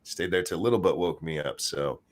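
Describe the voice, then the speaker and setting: Tired, deep-voiced older man, grandpa type; rambling casual chat, drops the odd curse. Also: moderate pace. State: worn out, weak. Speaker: podcast co-host.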